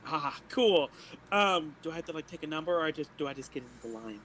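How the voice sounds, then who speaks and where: A man's voice: a little high, animated, fast talker, fairly bright tone, slight background noise, poor audio. A man playing a tabletop game, playful and giggly, joking in character. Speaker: player.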